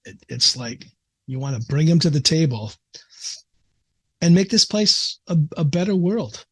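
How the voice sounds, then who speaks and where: A middle-aged psychiatrist from the American Midwest tells an earnest, emotional story as a guest in a casual interview, often restarting his sentences. His voice is a little high, a bit bright, and husky, with lively intonation and a measured pace.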